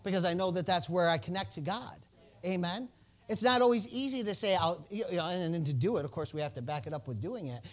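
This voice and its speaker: A male pastor preaching a sermon in a folksy, joking manner, dropping to soft asides and rising to bold, loud declarations. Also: high voice.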